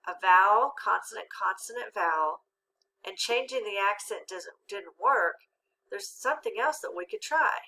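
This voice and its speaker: Woman, teacher, phonics lesson, bright clear tone, patient, asks questions and waits. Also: medium pitch, rough recording. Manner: slow, patient, asks questions and pauses for answers.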